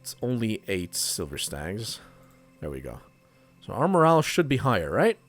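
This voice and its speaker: A man's voice: lowish voice, huge pitch swings, normal speed, soft background music. A man giving casual let's play commentary, chatty and thinking aloud while he plays. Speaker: gaming youtuber.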